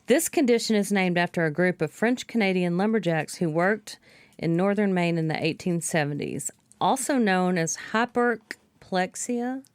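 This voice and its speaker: Low-voiced woman co-host, dry sound, reads notes aloud calmly. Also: clear, resonant tone, no echo. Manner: measured, reads out topics. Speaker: podcast co-host. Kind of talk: casual chat and reading notes aloud.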